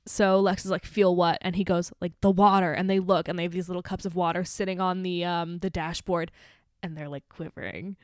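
A woman's voice: lowish voice, fairly even intonation, a little fast, dry recording, studio quality. A woman co-hosting a podcast in a casual chat about a film, laughing often and acting out movie lines. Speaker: podcast co-host.

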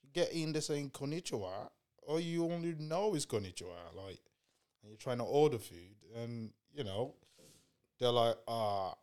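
A man from the UK, co-hosting a podcast, retelling a trip in slangy, animated casual chat. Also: on the high side, normal speed, clear, resonant tone. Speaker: podcast co-host.

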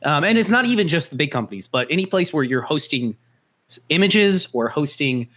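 A man chatting casually on a podcast, animated and stumbling over words, laughing easily. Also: a little high, brisk.

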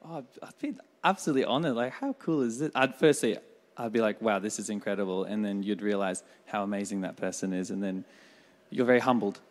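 Low-voiced man answering in a hall. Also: fairly quick. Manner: earnest, short replies. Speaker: volunteer from the congregation. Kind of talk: answering questions on stage. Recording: long reverb of a large hall.

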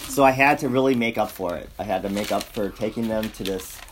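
A man's voice: fairly low pitch, brisk, a loud crowd. Rambling jokey male podcast host. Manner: rambling, jokey, repeats himself. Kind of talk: casual chat.

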